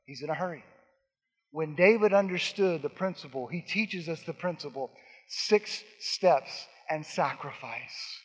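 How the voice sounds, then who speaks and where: Brief: high-voiced male pastor, emphatic repetitions, sermon ringing in a long-reverb hall. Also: lively intonation, moderate pace. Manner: emphatic, repeating lines and swinging between soft and loud.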